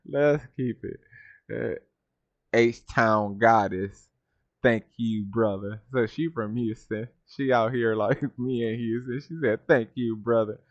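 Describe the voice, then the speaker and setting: A man's voice: mid-range voice, fairly even intonation, slow pace, pauses often, dry recording. A man hosting a reaction video in casual commentary, often laughing and mocking in disbelief. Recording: dull lo-fi sound.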